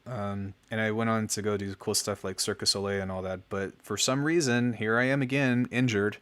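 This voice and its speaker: A man's voice: lowish voice, steady tone, a little fast, a bit bright, clear, resonant tone. A young man chatting casually on his livestream, giving friendly feedback on music with lots of fillers. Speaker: music producer streaming feedback.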